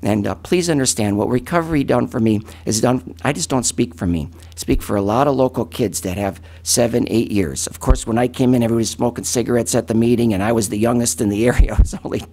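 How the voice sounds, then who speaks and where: A man in his fifties testifies at a county meeting as a recovery advocate. His voice sits at an ordinary middle pitch, and his delivery is earnest and halting as he keeps choking up with emotion. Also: darkish tone.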